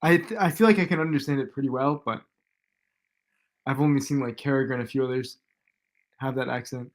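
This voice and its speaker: A man co-hosting a live football watchalong, making relaxed remarks and giving short agreeing replies. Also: medium pitch, fairly quick. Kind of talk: casual live watchalong chat.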